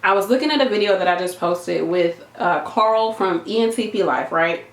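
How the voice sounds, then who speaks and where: A woman nurse giving an animated, emphatic motivational talk to camera, chatty and repeating her points. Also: medium pitch, normal speed, a little hiss or hum. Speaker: nurse and video creator. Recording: echoey room.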